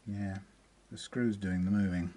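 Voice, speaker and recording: A guitar technician talks casually through a guitar setup in his workshop, rambling and muttering to himself as he works. His deep, warm voice is fairly even in intonation and a little slow, with a guitar being plucked in the background.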